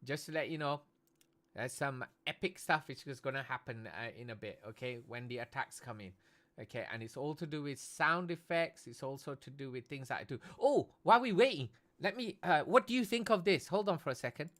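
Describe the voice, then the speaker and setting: A British man hosts a casual live stream, working as a streamer and esports commentator. His mid-range voice is expressive, brisk and a little bright, and he's chatty, adding "okay?" to nearly every phrase.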